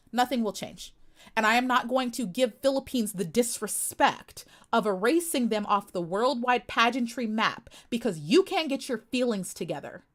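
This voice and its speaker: A woman's voice: on the high side, fairly bright tone. A young adult woman from the United States hosting a live stream, talking back to critics in the chat in a sassy, confrontational way with emphatic repetition. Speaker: livestream host.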